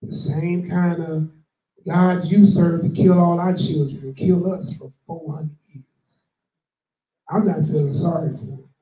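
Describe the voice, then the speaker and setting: A man reading scripture aloud in a sermon, declaiming the verses slowly, then adding his own comments. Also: a little high, steady tone, dark tone. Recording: echoey room.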